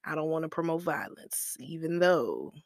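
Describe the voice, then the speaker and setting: A woman's voice: deep voice, very animated, moderate pace, no echo, clean studio sound. A woman hosting a casual motivational podcast, chatty and emphatic, with slangy asides, calling listeners "baby" and laughing at herself. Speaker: podcast host.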